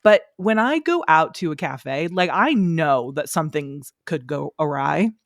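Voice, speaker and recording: Wry, low-voiced woman podcast co-host. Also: animated, measured pace, dry recording, clean studio sound. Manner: wry, opinionated and dryly teasing. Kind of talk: casual chat.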